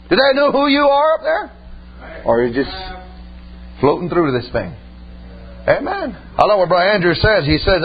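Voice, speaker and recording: With a high, sing-song delivery at normal speed and frequent pauses, a man preaches at a church service in a folksy, emphatic way, stressing points with "amen" and "man." Muffled audio and a faint hum color the recording.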